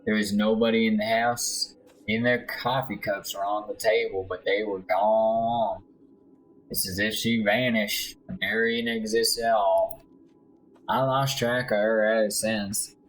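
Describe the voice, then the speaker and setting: A man voicing a heartbroken young male army deserter, telling his story in a slow, mournful way during a game. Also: fairly low pitch, little pitch movement, faint music behind, close to an everyday voice, low-quality recording. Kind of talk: let's play voice acting.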